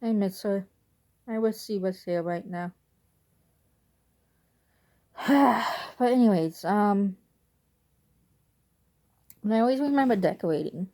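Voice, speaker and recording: A woman's voice: medium pitch, slow pace, long pauses, warm tone. Young woman telling a rambling story. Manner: rambling, conversational, wistful at times. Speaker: vlogger. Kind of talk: casual storytelling.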